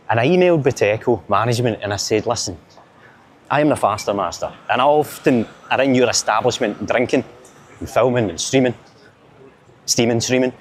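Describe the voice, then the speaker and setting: A Glaswegian man talks to camera as he strolls busy city streets, cracking jokes and rambling from one thing to the next. His voice sits at a middling pitch. Faint street ambience hums behind him. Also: slight background noise. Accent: Glaswegian Scottish. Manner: chatty, joking, rambling banter. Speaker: vlogger filming a city walk. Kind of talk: casual walking vlog to camera.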